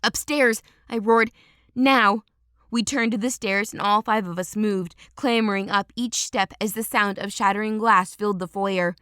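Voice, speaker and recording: A woman narrating a first-person audiobook in a steady, dramatic storytelling manner. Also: mid-range voice, normal speed, hardly any pauses, clear, resonant tone, dry recording, clean studio sound.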